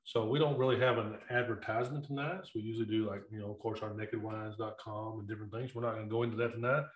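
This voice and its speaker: A man's voice: lowish voice, fairly even intonation, rapid-fire. Rambling middle-aged man, echoey room. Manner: rambling, repeats himself. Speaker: podcast co-host. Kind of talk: casual chat.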